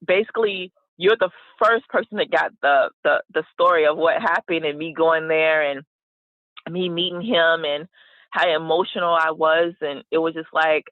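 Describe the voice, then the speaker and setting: A woman guest telling an emotional personal story in an animated way, full of fillers and acted-out quotes, over a video call. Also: low-pitched, moderate pace, dry recording. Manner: animated, acts out quoted voices, many fillers. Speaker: interview guest. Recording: tinny phone-like line, dry.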